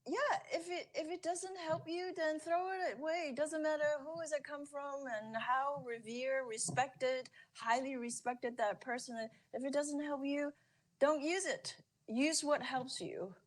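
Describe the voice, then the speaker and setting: A woman's voice: high voice, steady tone, a little slow. Emphatic woman storytelling expert. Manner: emphatic, repeats phrases for weight. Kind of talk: conversational interview.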